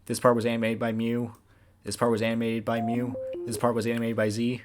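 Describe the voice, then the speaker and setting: A man, the creator of an animated series, giving a casual, rambling director's commentary with many fillers. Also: mid-range voice, fairly quick, noisy background.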